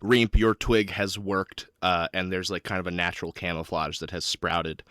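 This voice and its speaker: A man running a tabletop role-playing game as game master, narrating in a quick, animated way. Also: low voice, no echo, clean studio sound. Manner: animated, quick, swears casually.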